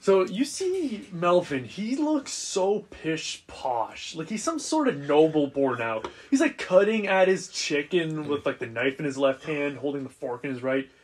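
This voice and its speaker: A man narrating as game master of a tabletop role-playing game in a casual, animated way. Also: on the high side, unhurried, few pauses, husky. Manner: casual, animated scene-setting.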